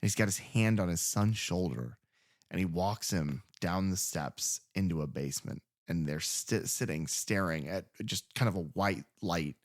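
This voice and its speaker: A man's voice: deep voice, moderate pace. A man co-hosting a podcast, casually and profanely retelling a horror film's scenes and acting out the lines. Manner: profane, animated retelling with acted-out quotes. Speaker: podcast co-host. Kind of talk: casual film discussion.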